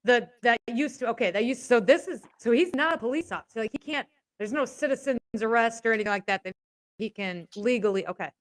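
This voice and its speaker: A woman in a casual conversation, listening and asking short, halting questions. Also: fairly high pitch, dry recording. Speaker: interviewer.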